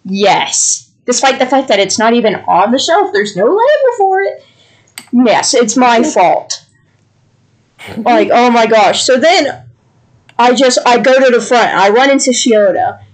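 A woman co-hosting a podcast, telling a work story in an animated, laughing way. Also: a little high, normal speed, poor audio. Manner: animated, laughing often, acting out quotes. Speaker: podcast co-host. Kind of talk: casual storytelling.

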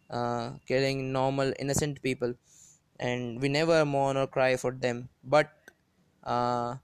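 Earnest man, smooth resonant voice. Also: mid-range voice, no echo. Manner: earnest, repeats and rephrases himself with frequent hesitations. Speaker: podcast host. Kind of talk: solo motivational podcast monologue.

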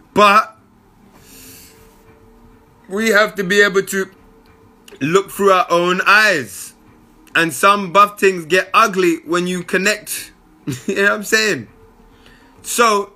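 Young man, high bright voice, slangy, animated, casual motivational talk. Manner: slangy and animated, with frequent asides.

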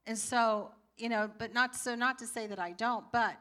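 A woman's voice: a little high, fairly even intonation, normal speed, fairly bright tone. An older woman speaking in church, teaching through personal stories and acting out her own past reactions. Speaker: pastor's wife teaching.

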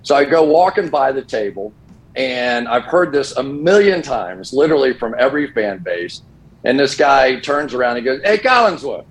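Animated middle-aged man telling stories. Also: mid-range voice, moderate pace, rough recording. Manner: animated, voice jumps when quoting people. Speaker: football broadcaster guest. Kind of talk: casual storytelling.

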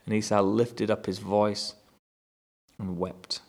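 A man's voice: on the low side, measured pace, gravelly, pauses often, darkish tone. A man teaching through a Bible chapter, reading verses aloud and explaining them in a conversational way. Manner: conversational, rereads verses with rising emphasis.

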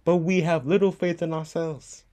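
A man delivers a podcast sermon in a somewhat high voice. He builds passion as he goes and repeats his key lines for emphasis. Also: level tone, moderate pace, a little mellow. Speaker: preacher.

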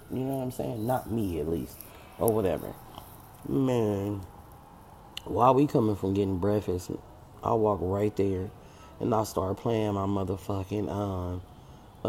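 Casting: man, gravelly, dark tone, blunt and profane storyteller who acts out quotes. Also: mid-range voice, slight background noise. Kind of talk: casual storytime.

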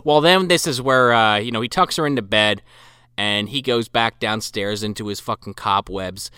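A man's voice: fairly low pitch, moderate pace, pushed and bright, clean tone, no echo, clean studio sound. A man co-hosting a casual movie recap podcast, retelling scenes with profanity and frequent laughter. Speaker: podcast co-host.

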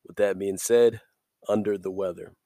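Male devotional podcaster, a little stuffy from a cold, low-pitched, recorded dry and close. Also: fairly even intonation, normal speed, dark tone, dry recording. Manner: upbeat and preachy, laughs between points. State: recovering from a cold. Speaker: podcast host.

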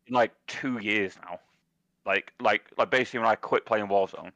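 A man's voice: fairly low pitch, normal speed, fairly bright tone, dry recording. A young man co-hosting a casual podcast chat, ranting with heavy swearing and calling his listener "mate" and "bruv" over and over. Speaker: podcast co-host. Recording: dull dry recording.

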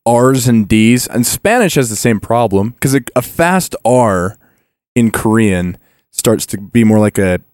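A man's voice: medium pitch, animated, measured pace, a little mellow, dry recording, clean studio sound. Rambling, explaining podcast man. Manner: explains at length, trailing off and restarting. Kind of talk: casual banter.

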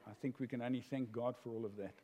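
An older man preaching a sermon as pastor, an animated storyteller who laughs at his own jokes. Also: mid-range voice, fast talker. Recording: long hall reverb.

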